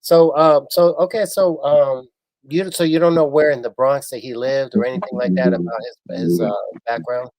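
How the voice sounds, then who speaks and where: A man's voice: mid-range voice, normal speed, darkish tone, no echo, poor audio. A man interviewing a guest, asking questions hesitantly with many ums and short affirmations.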